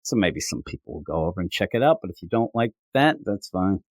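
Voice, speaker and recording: A man's voice: sing-song, fast, dry recording. Rambling, self-mocking male podcast host. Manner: rambling, self-mocking, jumps up in pitch for quoted voices. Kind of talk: casual chat.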